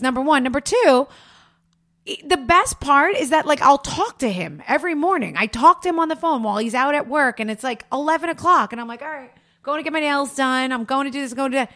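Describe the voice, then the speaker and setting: A woman hosting her podcast from her office, teasing and animated in casual chat. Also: high-pitched, quick pace. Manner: animated, teasing, mimics voices for effect. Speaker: podcast host.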